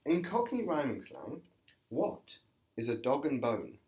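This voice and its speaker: A woman's voice: rumbling low, very animated, unhurried, warm tone. An English woman co-hosting a podcast, quizzing her co-host in a playful casual chat. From England.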